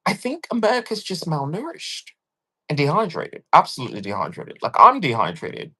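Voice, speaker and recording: A woman livestreaming a casual rant, animated and sarcastic, swearing freely and swinging between loud bursts and hushed asides. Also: sits low, fairly quick, husky. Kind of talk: casual live-stream rant.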